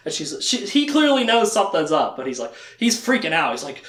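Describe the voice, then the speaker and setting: A man presenting a casual lecture, retelling events and acting out the characters' lines in quick quips. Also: fairly high pitch, very animated, echoey room. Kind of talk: casual lecture with slides and jokes.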